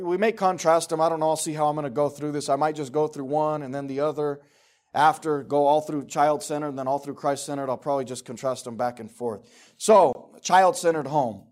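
A man's voice: on the high side, darkish tone. A middle-aged man preaching a casual sermon, talking conversationally and emphatically and acting out the voices he quotes.

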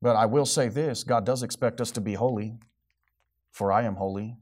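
A man preaching a sermon to his congregation, swinging from quiet, low remarks to loud, high outbursts. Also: normal speed. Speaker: pastor.

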